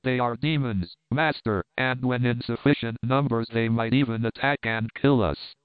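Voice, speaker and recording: A man's voice: medium pitch, normal speed, clear, resonant tone, no room sound, close to an everyday voice. Anxious, superstitious guide read by a man, dry phone-like audio. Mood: fearful. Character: fearful male native guide, timid and superstitious. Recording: dry, tinny phone-like sound.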